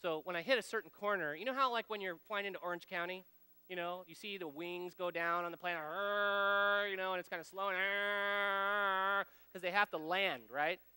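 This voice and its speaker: Bright-voiced man preaching in a hall. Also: high voice, fast talker, clear, resonant tone. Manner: storytelling, folksy, speaks directly to the audience. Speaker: speaker at a men's ministry gathering. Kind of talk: conversational sermon with personal anecdotes.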